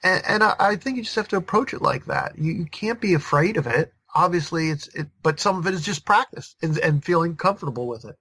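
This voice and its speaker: A podcast guest chatting casually, halting and restarting often, with some dry humor. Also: medium pitch, expressive, a bit bright, breathy edge, no echo. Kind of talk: casual conversation.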